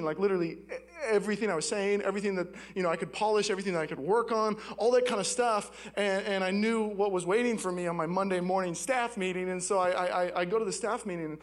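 A man with a notably high voice delivers a sermon from a church stage. He talks candidly and conversationally, dropping in casual asides like "man" between points. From Seattle. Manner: candid, conversational storytelling with frequent "man" and "I'll be real". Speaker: pastor.

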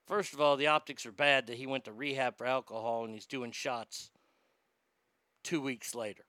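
Male podcast host, profane and rambling, bright crisp voice, dry close mic. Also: medium pitch, fairly even intonation, normal speed, no room sound. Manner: profane, rambling, reads listener comments aloud. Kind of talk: casual commentary.

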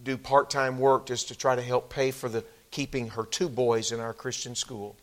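A man's voice: medium pitch, little pitch movement, normal speed. A man preaching a sermon as pastor, telling a story and acting out the people in it, then closing in prayer. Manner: storytelling, acts out quoted voices.

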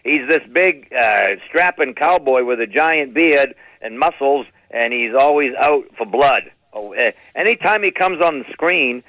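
A man's voice: mid-range voice, unhurried, hardly any pauses, no echo, poor audio. A middle-aged man doing stand-up comedy, telling family stories and slipping into impressions of his relatives. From New England. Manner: animated, slips into impressions of relatives.

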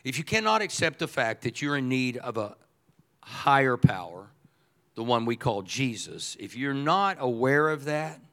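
Animated older male pastor preaching. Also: mid-range voice, moderate pace. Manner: animated, shifts from quiet to shouting; repeats words when starting sentences. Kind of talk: sermon.

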